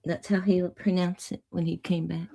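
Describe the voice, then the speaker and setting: A woman's voice: lowish voice, little pitch movement, moderate pace, vocal fry, mellow, dry recording, clean studio sound. A woman from Texas with a Southern accent, chatting casually and telling folksy stories. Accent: Southern American. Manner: chatty storyteller, folksy phrases. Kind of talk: casual chat.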